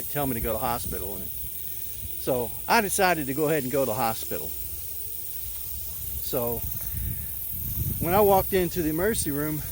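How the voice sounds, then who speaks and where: Man in his thirties telling a halting story. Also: a little high, slight background noise. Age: 30s. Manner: halting, full of fillers and restarts. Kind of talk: personal story told casually.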